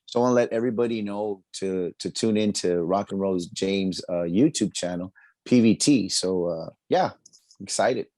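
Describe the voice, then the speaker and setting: A man, a musician guest chatting casually in an interview, upbeat and quick to laugh. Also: fairly low pitch, a little mellow, dry recording. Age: 40s.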